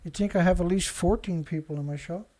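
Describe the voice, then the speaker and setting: Talking fairly quickly in a high, dark-toned voice, the show's host reads out headlines and fires back with indignant sarcasm.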